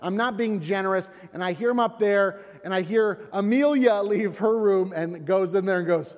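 A man preaching a sermon as pastor, telling a family story in a conversational, animated way. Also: sits high, moderate pace, hardly any pauses. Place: church sanctuary. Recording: long church hall reverb.

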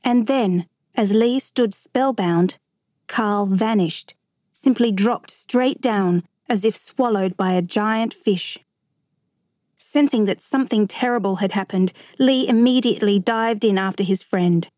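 Female storyteller, measured and steady, drawing out tense moments, mid-pitched, dry close-miked sound. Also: no room sound. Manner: measured, slowing at dramatic moments. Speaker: narrator. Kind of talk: reading a true story aloud.

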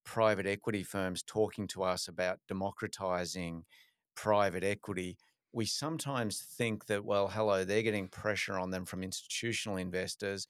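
A man's voice: deep voice, fairly even intonation, normal speed, clean tone, no echo, clean studio sound. A man hosting a podcast, asking long conversational questions. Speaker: podcast host. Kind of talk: interview questions.

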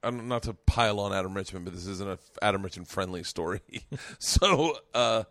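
A man hosting a casual comedy podcast, telling stories loudly and swearing, often breaking into laughter. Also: on the low side, normal speed, no room sound, studio quality. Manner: loud, laughing, animated storyteller who swears a lot. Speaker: podcast host.

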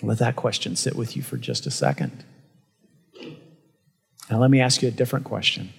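A man preaching a sermon as pastor, earnest, swinging between emphatic rises and hushed asides. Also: mid-range voice, moderate pace, vocal fry, breathy edge. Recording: long reverb of a large hall.

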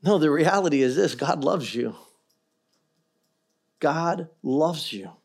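A middle-aged man preaching a sermon as pastor, swinging between quiet earnest stretches and loud, impassioned ones. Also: fairly high pitch, animated, slow pace, creaky, husky.

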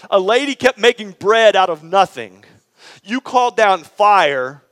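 A man preaching a sermon in a conversational, animated storytelling way, prompting his listeners and acting out the people in the story. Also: sits high, measured pace, in a large hall. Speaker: pastor.

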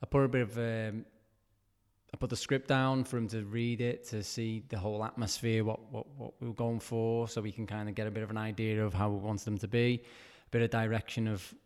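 Low-voiced man in a reverberant room. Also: level tone, brisk, darkish tone, clean tone. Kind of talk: casual chat.

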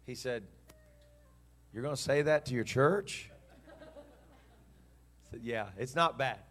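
A man preaching to his congregation in an earnest, heartfelt way. He tells the story by acting out both sides of a conversation, and his pitch sits in an ordinary middle range. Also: slow pace, a bit bright. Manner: earnest storytelling preacher, voices God and himself in dialogue. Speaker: pastor. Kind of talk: sermon.

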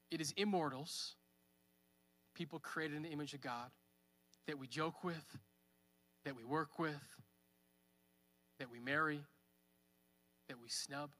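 A man's voice: on the high side, bright, forceful tone, in a large hall. A man in his thirties preaching a sermon at church, conversational, with fillers. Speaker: pastor. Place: church hall.

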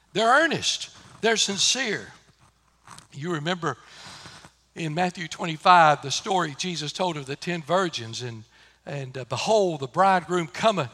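A man preaching a sermon, swinging between loud emphatic lines and hushed low ones. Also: lively intonation, moderate pace. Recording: reverberant church hall.

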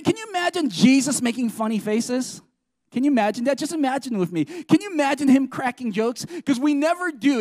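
A middle-aged man, a pastor, preaching a sermon with self-deprecating humor, swinging between soft, quiet passages and loud ones. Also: extremely high pitch, dry recording.

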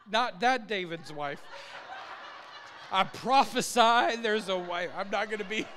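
A man preaching a sermon in an animated way, laughing often and acting out his own prayers, recorded in a church sanctuary. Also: high voice, a little hiss or hum. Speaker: pastor. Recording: long reverb of a church hall.

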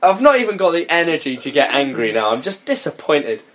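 A man's voice: fairly high pitch, very animated, brisk, fairly bright tone. A young man reading a story aloud on a comedy podcast, breaking off for sarcastic, sweary remarks and frequent laughter.

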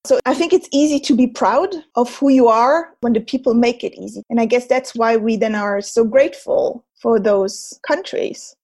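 A woman's voice: a little high, normal speed, few pauses, darkish tone. A woman with a German accent hosting an interview, talking in a thoughtful, conversational way. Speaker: interview host. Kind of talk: casual conversation.

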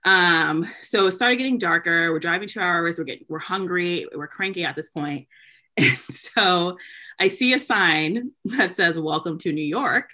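Young woman, lower pitch, bright tone, casual storytelling, animated, swears. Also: unhurried. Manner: animated, swears, laughs often, lots of "like". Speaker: podcast co-host telling a story.

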